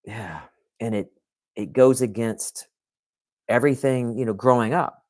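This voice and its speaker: A man's voice: mid-range voice, unhurried, long pauses, a little mellow, no room sound, clean studio sound. A man hosting his own podcast, chatting casually and directly with live viewers and reading their comments. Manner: conversational, talks straight to chat, restarts often. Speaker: podcast host. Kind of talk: casual livestream talk to viewers.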